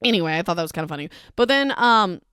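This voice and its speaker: Woman podcast host, smooth clear voice, dry close sound, chatty book recap, lots of "like". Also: on the low side, lively intonation, fast talker, sharp tone, no room sound. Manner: chatty and emphatic, heavy use of "like".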